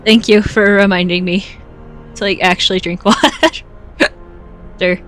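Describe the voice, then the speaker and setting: A woman's voice: mid-range voice, steady tone, normal speed, fairly bright tone, soft background music. A woman streaming a game, chatting casually with viewers, giggling often and hiccupping. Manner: giggly, laughs often between lines. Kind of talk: casual live-stream chat while gaming.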